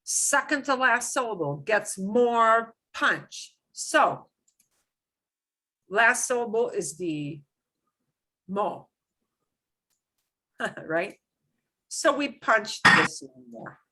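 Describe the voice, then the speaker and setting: A woman's voice: a little high, big pitch swings, very slow, pauses often, bright, forceful tone. A middle-aged woman teaching a language lesson, explaining patiently with lots of repetition and emphatic examples. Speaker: Spanish teacher.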